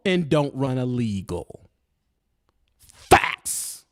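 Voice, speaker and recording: A man's voice: a little high, lively intonation, a little slow. A man hosting a trucking channel, giving casual straight-talk advice full of slang. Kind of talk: casual podcast chat.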